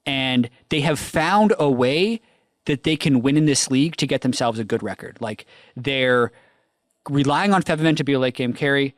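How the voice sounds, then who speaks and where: A man's voice: mid-range voice, moderate pace, dry recording. A man on an esports analysis panel, talking casually and animatedly, often laughing as he tells a story. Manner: animated, laughs while telling stories.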